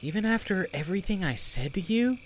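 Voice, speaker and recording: Man voicing a nervous young girl from a storybook, high and breathy, with a pleading edge that lifts well above his usual tone. The voice stays earnest and worried. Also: expressive, fairly quick, slight background noise.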